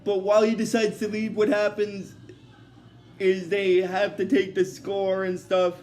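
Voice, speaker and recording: A man's voice: sits high, completely flat delivery, measured pace, darkish tone, a little hiss or hum. A young man casually recapping a cartoon episode, rambling with lots of fillers. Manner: rambling, many fillers like "basically" and "uh".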